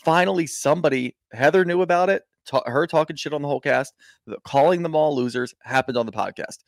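A man's voice: fairly high pitch, fast talker, creaky, no echo, clean studio sound. A man co-hosting a casual recap podcast, rambling, profane and exasperated. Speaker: podcast co-host.

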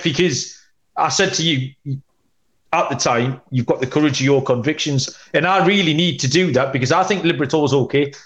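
Chatty man, slightly higher voice. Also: a bit bright. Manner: chatty and rambling, many ums and uhs, cheeky asides. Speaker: podcast host, betting analyst. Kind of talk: casual sports betting podcast chat.

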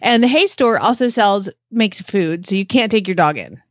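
A woman podcast host telling a story in a casual, animated way, laughing as she goes. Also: medium pitch, normal speed, no echo. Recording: dull lo-fi dry recording.

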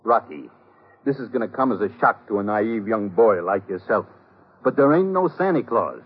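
A man's voice: fairly low pitch, animated, moderate pace, husky. A man playing a dry, sardonic police sergeant in a 1950s radio drama. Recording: muffled old 1950s radio broadcast.

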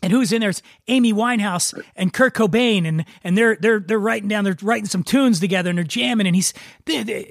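A man's voice: high voice, expressive, a little fast, gravelly, dry recording, clean studio sound. A man hosting a casual drinks podcast, chatting and telling jokes with frequent stammering restarts. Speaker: podcast host. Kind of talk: casual chat, joke telling.

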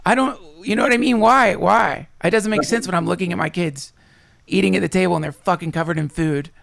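A man's voice: sits high, fairly quick, gravelly, a bit bright. A man talking casually as a podcast guest, swearing freely and swinging his voice up and down as he voices his own thoughts.

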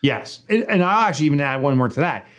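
Brief middle-aged man, guest author, higher pitch and very lively delivery, jokey storyteller. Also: quick pace. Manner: animated storyteller, jokey, mimics people. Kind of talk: casual podcast conversation.

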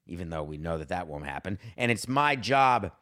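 A man's voice: low-pitched, sing-song, moderate pace, fairly bright tone. A man hosting a sports podcast, ranting with sarcasm and indignant rhetorical questions. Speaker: podcast host. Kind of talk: sports talk monologue.

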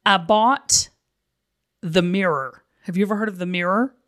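A woman's voice: mid-range voice, moderate pace, a bit bright. A woman hosting a podcast in casual chat. She talks candidly and laughs often. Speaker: podcast host.

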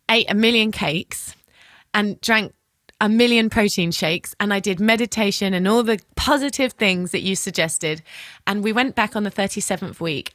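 A woman hosting a podcast, telling a personal story in a lively way, acting out dialogue with casual swearing and frequent laughs. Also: mid-range voice, no room sound, studio quality. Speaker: podcast host.

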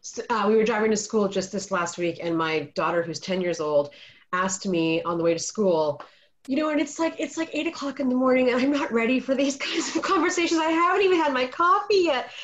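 A woman's voice: fairly high pitch, animated, fairly quick. A middle-aged woman on a video call, telling a parenting story in an earnest, casual way. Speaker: panelist. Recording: dull lo-fi video call audio.

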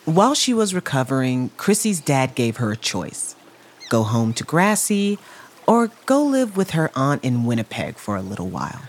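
A man narrating a documentary in a measured storytelling delivery. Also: mid-range voice, wildly swooping pitch. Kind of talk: scripted narration.

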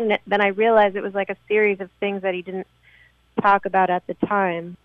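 A woman's voice: medium pitch, level tone, fast talker, clean tone, no room sound. Woman caller on a tinny phone line. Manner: talkative, hesitant, with ums. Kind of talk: phone-in call.

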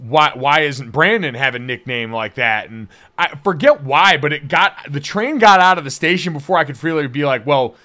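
A man's voice: fairly high pitch, expressive, normal speed, hardly any pauses, bright, forceful tone. A young man hosting a sports podcast, chatting casually with energy and a joking, loose manner. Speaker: podcast host.

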